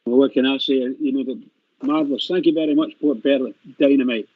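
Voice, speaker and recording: Man, upbeat co-presenter, quick, dull hissy audio. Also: mid-range voice, steady tone, no echo. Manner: upbeat, rousing. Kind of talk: rallying sign-off. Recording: dull lo-fi line with faint hiss.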